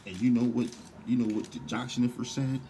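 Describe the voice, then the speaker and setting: A man's voice: medium pitch, brisk, gravelly, warm tone, a little hiss or hum. A man on a heated, profane, rambling rant to camera.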